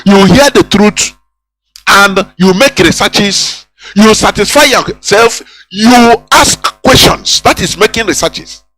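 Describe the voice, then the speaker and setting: A man's voice: high-pitched, slow pace, pushed and bright, soft background music, rough recording. Preachy man on the radio. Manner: preachy, repetitive, rhetorical questions. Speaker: radio host. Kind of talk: impassioned radio monologue.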